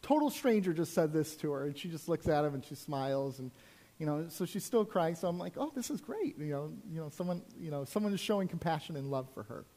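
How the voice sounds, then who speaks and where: A man's voice: a little high, fast, mellow. A man preaching a sermon as a pastor, telling personal stories in a conversational way with frequent asides to the congregation.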